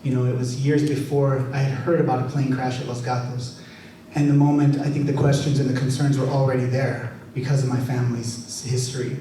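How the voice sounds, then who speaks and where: A man's voice: medium pitch, brisk, a little hiss or hum. A man, an author, telling family stories with laughter and reading a poem at a live event. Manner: animated, laughing storyteller. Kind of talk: storytelling talk and poetry reading. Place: large event hall. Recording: echoey hall from far off.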